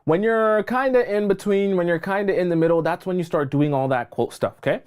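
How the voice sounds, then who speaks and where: A man's voice: high voice, fairly quick, a little mellow, clean tone. A man giving dating advice on a livestream, emphatic and repetitive, checking in with his viewers. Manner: emphatic, repeats points, checks in with "okay?". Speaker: dating coach.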